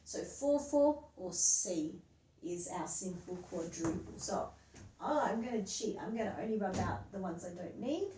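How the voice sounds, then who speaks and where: A woman's voice: mid-range voice, expressive, a little slow, mellow. A woman music teacher patiently explaining things step by step and counting beats aloud at a whiteboard. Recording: roomy, distant mic, faint hum.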